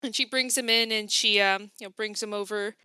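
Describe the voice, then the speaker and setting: A woman's voice: mid-range voice, fairly even intonation, brisk, pushed and bright, clean tone, no room sound. A woman narrating as game master of a tabletop game, chatty with many fillers and laughs.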